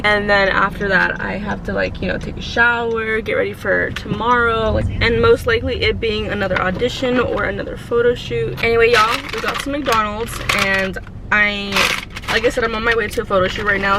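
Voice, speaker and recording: A woman's voice: medium pitch, background noise. A young woman in her twenties chatting casually to her vlog audience, rambling with lots of fillers. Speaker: vlogger.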